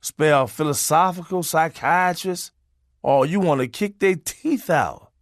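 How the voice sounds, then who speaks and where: A man narrating a comic memoir in a profane, preachy way, swinging his pitch for emphasis. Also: very animated, a little slow, no echo, clean studio sound.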